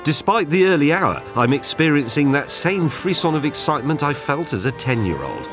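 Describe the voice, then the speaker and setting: Lively wry male voice-over narrator. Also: on the high side, moderate pace. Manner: wry and dramatic storytelling. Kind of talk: scripted narration. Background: clear music.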